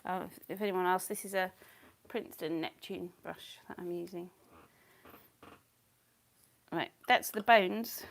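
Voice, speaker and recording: A middle-aged woman, chatting casually and rambling while she paints, often slipping into soft whispers. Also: fairly low pitch, fairly even intonation, measured pace, vocal fry. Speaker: painting channel host.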